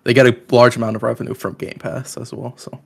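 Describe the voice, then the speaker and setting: A man's voice: mid-range voice, little pitch movement, fast, gravelly, slightly rough. A man co-hosting a casual gaming podcast, easygoing and self-deprecating, often laughing along. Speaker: podcast co-host.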